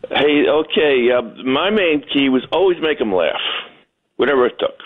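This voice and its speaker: A man's voice: mid-range voice, expressive, moderate pace. A man calling in to a radio show, telling jokey stories and acting out voices. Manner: jokey storyteller, acts out voices. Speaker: caller. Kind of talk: phoned-in storytelling. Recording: tinny phone line.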